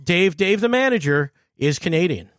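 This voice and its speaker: A man from the Detroit area hosting a podcast interview, eager and quick to laugh, often trailing off mid-sentence. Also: high voice, lively intonation, a bit bright, no room sound, clean studio sound. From Detroit area, USA. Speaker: podcast host.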